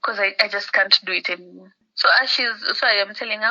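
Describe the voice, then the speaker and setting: A woman's voice: mid-range voice, steady tone, fairly quick, gravelly, hardly any pauses, pushed and bright. A woman with a Kenyan accent, a podcast guest telling a story in casual chat over a phone call. She acts out the people she quotes and drops Swahili words into her talk. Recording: muffled phone-call audio.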